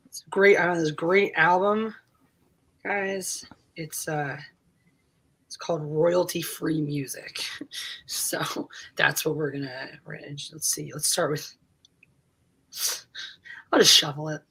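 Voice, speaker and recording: A woman's voice: low-pitched, steady tone, slow, creaky, a bit bright, breathy edge, low-quality recording. A woman hosting a casual livestream, chatting to viewers, greeting them by name and dropping into whispered asides. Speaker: livestream host.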